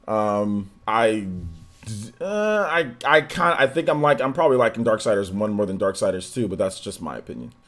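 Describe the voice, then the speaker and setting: A man streaming a game, chatting casually and giving shout-outs to viewers, his voice a little worn and still recovering. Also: lowish voice, sing-song, normal speed. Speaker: gaming streamer. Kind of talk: live stream chat, greeting viewers.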